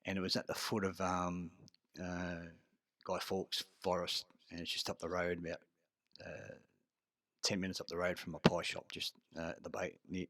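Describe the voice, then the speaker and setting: An Australian man telling a rambling story in a casual monologue, swearing often and pausing on fillers. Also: sits low, fairly bright tone, no echo. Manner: rambling and profane, full of filler words. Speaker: vlogger.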